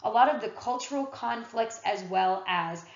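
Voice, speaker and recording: A woman's voice: on the high side, moderate pace. Chatty woman lecturing in a roomy space. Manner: casual, chatty lecturing with fillers. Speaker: history teacher. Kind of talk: classroom lecture. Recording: roomy, slightly dull recording.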